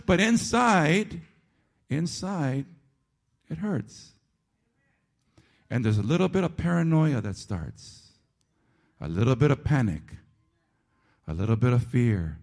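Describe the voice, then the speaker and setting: A male pastor preaching a sermon, calling out to the congregation and repeating phrases for rhythm, swinging between loud and hushed. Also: fairly high pitch, big pitch swings, unhurried, vocal fry, long pauses. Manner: calls out to the congregation.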